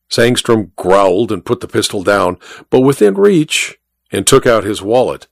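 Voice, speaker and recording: A man hosting a mystery story show and narrating the tale with an expressive, dramatic delivery. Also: fairly low pitch, moderate pace, vocal fry, no echo, studio quality.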